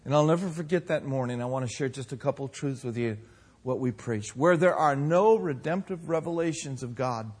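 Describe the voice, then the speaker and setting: A man in his sixties preaching a sermon, telling folksy personal stories with humor and lively emphasis. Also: medium pitch, a little fast, slightly rough. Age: 60s. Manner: folksy storytelling, animated with laughs. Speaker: pastor.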